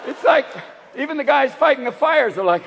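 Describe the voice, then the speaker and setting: A male stand-up comedian performing a crude, animated set and acting out characters, heard through a live club recording. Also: very high voice, fairly quick, gravelly, noisy background. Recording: live club audio with crowd and reverb. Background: audience laughter and chatter.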